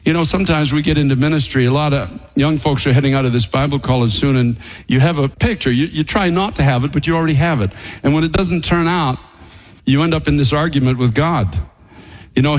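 A man's voice: on the high side, fairly quick, poor audio. A man preaching a sermon as pastor, emphatic and paraphrasing scripture with light chuckles.

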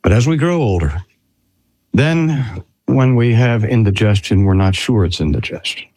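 An older man preaching a sermon in a slow, earnest way with drawn-out emphasis. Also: on the low side, lively intonation, darkish tone. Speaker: pastor.

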